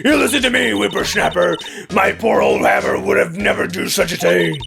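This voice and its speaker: A woman voicing a cranky, fiercely protective old woman who scolds with a gravelly growl. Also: fairly low pitch, unhurried, a crowd in the background. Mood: indignant. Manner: scolding, indignant. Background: game music.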